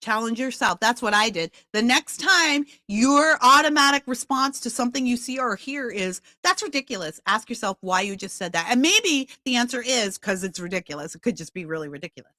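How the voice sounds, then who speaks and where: A woman in her fifties hosts her podcast with impassioned, confrontational commentary. Her voice is bright and sharp, a bit high for a woman. It is recorded dry on a close mic. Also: animated, fairly quick, hardly any pauses, no echo. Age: 50s. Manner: impassioned, confrontational, shifts into loud outbursts. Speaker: podcast host.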